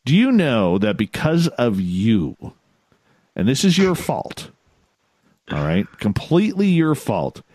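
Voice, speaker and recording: A man with a Canadian accent hosting a live radio talk show, with lively, joking announcer patter. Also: mid-range voice, takes it slowly, breathy edge, dry recording.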